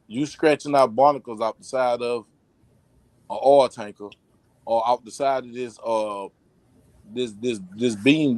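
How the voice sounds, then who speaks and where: A podcast host with a medium-pitched voice tells stories in a loose, rambling, profane way during casual chat. He's animated and restarts often, and the recording has no echo.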